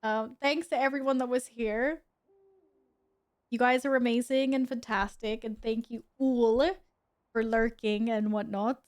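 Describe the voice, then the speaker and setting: Young woman, gaming streamer, casual chat, giggly, talks to her cat, fairly high pitch. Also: fairly even intonation, unhurried. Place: home.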